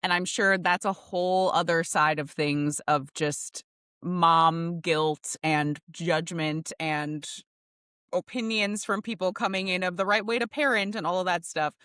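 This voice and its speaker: A woman hosts a podcast with a lower-pitched but bright, crisp voice. She asks questions in a relaxed way and drops short agreeing words while her guest talks. The sound is dry and close to the mic. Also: a little slow, no room sound. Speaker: podcast host. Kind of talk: casual podcast interview.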